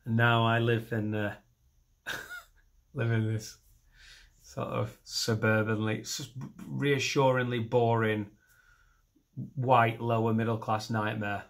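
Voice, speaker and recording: A middle-aged comedian rambling through his set in a self-mocking way. He sits at an ordinary middle pitch and keeps breaking off into little asides. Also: level tone, takes it slowly, pauses often. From northern England. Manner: self-deprecating, rambling, mixes in silly voices. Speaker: stand-up comedian.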